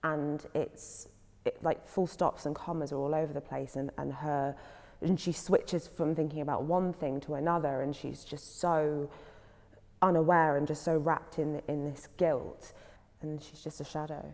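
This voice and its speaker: British actress, low gravelly voice, slow and halting, hall echo. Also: female voice, steady tone, warm tone. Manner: thoughtful, with halting restarts. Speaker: actor. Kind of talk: discussing a play. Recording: roomy hall reverb.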